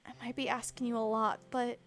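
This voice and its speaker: A woman's voice: on the high side, level tone, a little fast, a little hiss or hum. A woman voicing a timid, pleading young heroine. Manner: soft, hesitant, apologetic.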